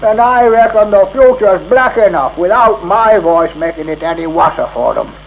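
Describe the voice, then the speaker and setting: An actor playing a stubborn, cantankerous old rustic farmer with a West Country accent and a creaky, broad drawl, in a 1960s radio drama. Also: male voice, high voice, animated, normal speed. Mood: grumbling. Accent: West Country English. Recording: dull, lightly hissy 1960s off-air tape.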